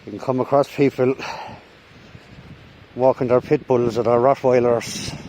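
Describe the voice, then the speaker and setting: A man's voice: medium pitch, fairly even intonation, measured pace, warm tone, a little hiss or hum, low-quality recording. A middle-aged man telling stories casually while walking a woodland path, a little out of breath, recorded on a chest-mounted camera. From Ireland. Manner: rambling, swears casually. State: slightly out of breath. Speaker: vlogger. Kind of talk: casual walking vlog storytelling.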